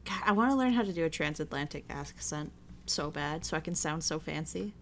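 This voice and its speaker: A young woman chatting casually while watching a movie with her viewers, full of "like" and quick laughs. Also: sits low, lively intonation, a little hiss or hum, poor audio. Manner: chatty, lots of "like", frequent laughs. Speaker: streamer hosting a watch-along. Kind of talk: casual chat.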